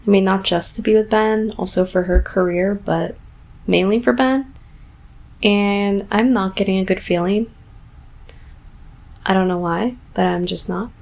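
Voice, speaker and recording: This woman in her twenties is a book vlogger giving casual live reactions while reading, swinging between dramatic, gushing, and exasperated. Her voice sits at medium pitch with fairly even intonation and a darkish tone, marked by vocal fry, a measured pace, and long pauses.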